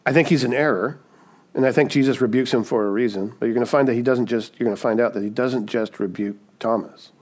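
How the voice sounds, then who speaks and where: A man's voice: medium pitch, quick pace, darkish tone. A male pastor delivers a sermon in a friendly, conversational style, with a voice sitting in an ordinary middle range. He keeps checking in with his listeners and slips in light humor as he explains his point. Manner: conversational, often checks in with "right?"; humorous asides.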